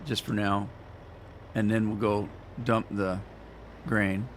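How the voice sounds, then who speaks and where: A man's voice: fairly low pitch, flat delivery, slow pace, a little hiss or hum. A man hosting a gaming channel, chatting casually and rambling in a folksy way while he plays. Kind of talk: casual let's-play commentary.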